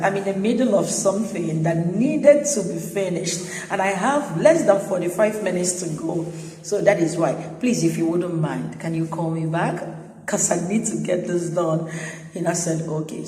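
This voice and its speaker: Woman telling a story, echoey room. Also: mid-range voice. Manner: chatty, animated retelling with quoted dialogue. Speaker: news anchor. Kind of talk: casual storytelling vlog. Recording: echoey room with long reverb.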